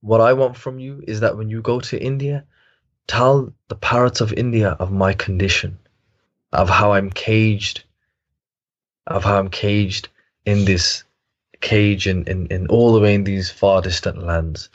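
A man's voice: fairly low pitch, fairly even intonation, measured pace, highs cut off. A man doing a wistful caged parrot.

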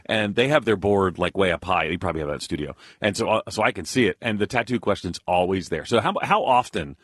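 A man, a radio host, bantering and teasing his colleague on air with sudden jumps in pitch. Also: fast, a bit bright, husky, no echo, clean studio sound.

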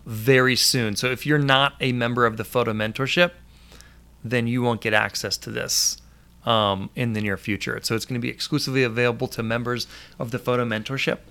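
A man's voice: medium pitch, pushed and bright, smooth. A man hosting a casual live stream, upbeat and full of fillers, reading viewer comments aloud.

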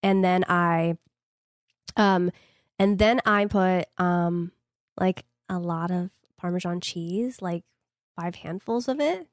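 This young woman has a New York accent and a fairly low voice, and she chats casually at a slow pace. Her talk is animated and rambling, packed with fillers, and the studio-quality recording has no echo.

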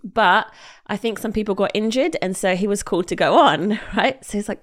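Speaking fairly quickly in a mid-range voice, a woman co-hosting a podcast retells a story during casual chat. She's an animated storyteller who acts out the quotes and laughs a lot.

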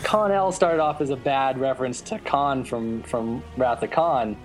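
A man's voice: mid-range voice, a little slow, faint music behind. A young man chatting casually on a podcast about his webcomic, rambling with restarts. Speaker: webcomic artist guest.

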